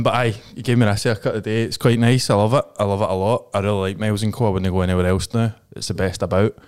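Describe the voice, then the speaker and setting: A man's voice: low voice, smooth. A Scottish man hosting a podcast, reading a rambling, jokey and sweary ad in casual chat. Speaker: podcast host.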